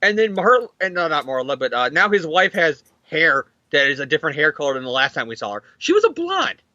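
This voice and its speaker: Animated, high-pitched man riffing on comics. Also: a little fast, no echo, highs cut off. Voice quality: excitable, acts out characters mid-story. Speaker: podcast co-host. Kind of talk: casual comic book chat.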